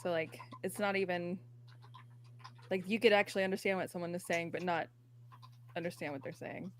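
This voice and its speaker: A woman chatting casually on a podcast, animated and sarcastic, with many fillers. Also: fairly low pitch, fairly quick, a little hiss or hum. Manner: animated, mocking impressions, filler-heavy. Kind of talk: casual chat.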